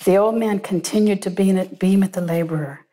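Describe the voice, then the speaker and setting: Mellow woman reading a story. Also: medium pitch, a little fast. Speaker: narrator. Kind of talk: first-person story reading.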